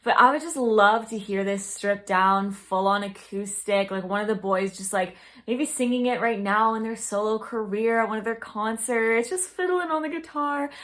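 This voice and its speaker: A woman's voice: a little high, normal speed, hardly any pauses, a bit bright. A young woman songwriter chatting casually as she reacts to an album, bubbly and full of "like".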